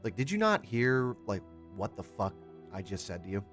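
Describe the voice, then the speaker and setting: A man's voice: fairly low pitch, sing-song, normal speed, a bit bright, soft background music. A young man streaming a survival game, chatting casually with his viewers, rambling and swearing a lot and greeting chatters by name. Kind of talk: casual gaming livestream chat.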